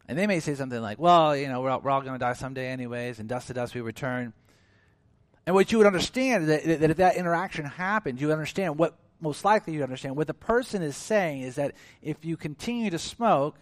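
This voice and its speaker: Animated preacher man, dry sound. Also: dry recording. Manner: animated, acts out quoted voices with big swings in pitch and loudness. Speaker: pastor. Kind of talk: sermon.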